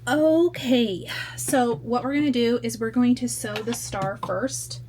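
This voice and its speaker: A woman hosting a casual sewing tutorial, talking through each step in a chatty, relaxed way with loose asides. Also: on the high side, unhurried.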